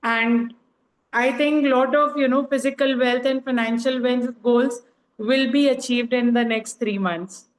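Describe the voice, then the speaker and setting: A woman's voice: fairly high pitch, fairly even intonation, unhurried, roomy sound, poor audio. A woman sharing her experience on a coaching call, talking casually with many "you know" fillers. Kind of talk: casual online group call.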